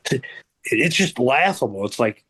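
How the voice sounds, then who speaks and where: A man's voice: mid-range voice, animated, moderate pace, bright, forceful tone, breathy edge. A middle-aged man, a guest wrestler, telling stories in casual podcast chat, laid-back and profane, full of "like".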